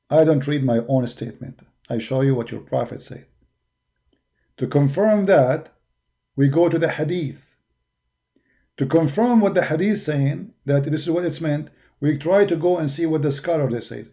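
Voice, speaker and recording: This is an argumentative man with an Arabic accent, preaching in English as his second language. His voice sits fairly high but sounds dark and mellow. It has a gravelly, fry-laden texture. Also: moderate pace. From Arab world. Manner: forceful, argumentative, with non-native grammar. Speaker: religious debater. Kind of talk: preaching monologue.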